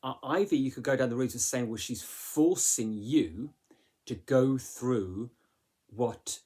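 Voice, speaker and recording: A man's voice: medium pitch, slow pace, darkish tone, husky. A man teaching a literature lesson in a chatty way, with many fillers and rhetorical questions. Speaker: English teacher.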